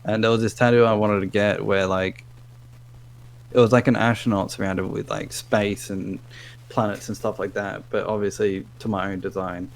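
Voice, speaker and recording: Low-voiced young man, rambling casually. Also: flat delivery, moderate pace, gravelly, poor audio. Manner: emotional, rambling with many fillers. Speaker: podcast guest. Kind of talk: casual chat.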